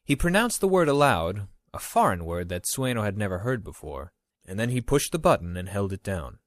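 A man reading an audiobook aloud in a measured, even storytelling manner. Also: lowish voice, no room sound. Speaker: narrator. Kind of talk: audiobook narration.

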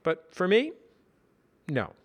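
A man's voice: high voice, huge pitch swings, slow pace, husky, voice pushed up, heavily acted. A man voicing Simon, an earnest young office worker who speaks in a precise, slightly grand way. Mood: breezy.

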